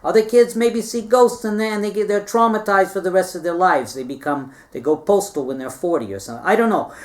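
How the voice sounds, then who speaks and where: A man's voice: sits high, fairly quick. A man telling a history story in a meandering, chatty way, with playful asides and frequent check-ins with his listeners. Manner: chatty, meandering, keeps checking in with "all right?". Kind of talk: rambling casual history retelling.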